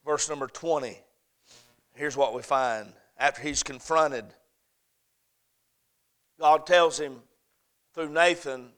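A man preaching a sermon, swinging between loud emphatic peaks and soft, hushed lines, repeating phrases in a preaching cadence. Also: fairly high pitch, steady tone, slow pace, pauses often.

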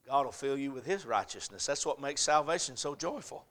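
A male pastor preaching a sermon, folksy and humorous, swinging from quiet asides to shouted preaching. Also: medium pitch, animated, normal speed, hardly any pauses.

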